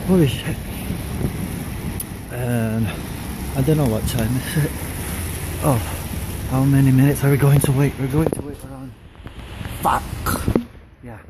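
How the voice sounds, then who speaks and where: A man from the Philippines vlogging outdoors at night in the snow, shivering from the cold, excitable and swearing a lot as he rambles. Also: medium pitch, a little slow, long pauses. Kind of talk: casual vlog. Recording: loud outdoor street noise. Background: loud traffic and street noise.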